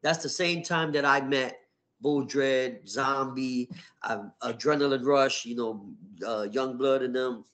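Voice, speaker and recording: A middle-aged man, a wrestler, telling stories in a casual interview, animated and full of swearing. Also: medium pitch, a little slow. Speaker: wrestler guest. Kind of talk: casual storytelling.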